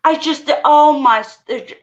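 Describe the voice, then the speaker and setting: Casting: young woman guest, high voice, candid and chatty, lo-fi sound. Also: normal speed. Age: young adult. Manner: chatty, candid, swears and acts out quotes. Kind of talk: casual chat. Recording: dull lo-fi audio.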